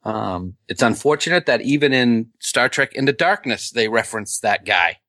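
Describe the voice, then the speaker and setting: A man's voice: medium pitch, lively intonation, normal speed, sharp tone, no echo. A man co-hosting a casual fan podcast, rambling with frequent ums and restarts. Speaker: podcast co-host.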